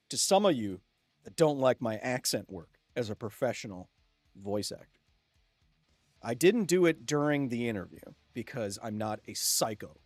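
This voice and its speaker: Hosting a live game stream, a man chats casually with his viewers, reading the chat aloud, joking and laughing often. His voice is medium in pitch, with no room sound.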